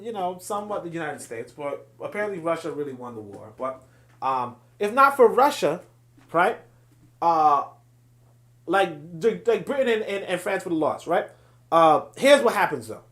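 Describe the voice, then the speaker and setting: Passionate, digressive man hosting a livestream. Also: high-pitched. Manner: passionate, digressive, restarts often. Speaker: host of a political livestream. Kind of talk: livestream commentary reading viewer chat.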